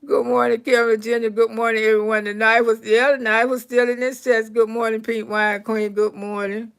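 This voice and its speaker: A woman telling stories and praying for her live chat, swinging from loud to soft. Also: a little high, moderate pace, smooth. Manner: animated storyteller, swings from loud to soft prayer. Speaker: comedian livestream host.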